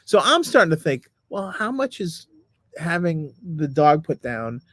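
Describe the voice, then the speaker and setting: A man's voice: a little high, big pitch swings, unhurried, a bit bright, no room sound, clean studio sound. A man co-hosting a podcast in casual chat, easygoing and hesitant, with many fillers. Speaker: podcast co-host. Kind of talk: casual chat, reading comments.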